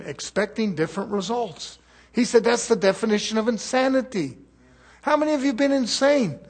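Husky high-voiced male preacher. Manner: emphatic, swings between loud and soft, rhetorical questions to the congregation. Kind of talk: sermon.

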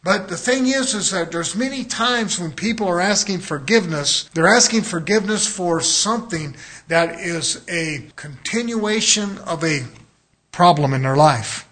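A man's voice: high voice, expressive, a little slow, a bit bright. A man preaching a sermon as a pastor, in a conversational way, often acting out the voices of people he quotes.

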